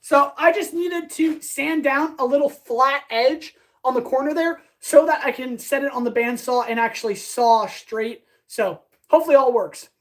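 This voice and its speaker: A woman blacksmith chatting fast and eagerly with her live-stream audience while she works in her workshop. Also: sits high, low-quality recording. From Canada. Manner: chatty, talks fast, answers chat eagerly. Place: workshop with power tools.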